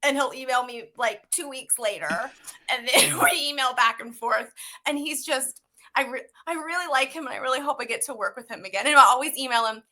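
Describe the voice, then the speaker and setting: A young woman with a bright, slightly high voice tells stories from a shoot in a casual interview. She is bubbly and animated. She keeps slipping into little acted-out quotes between rapid "like"s. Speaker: actress guest.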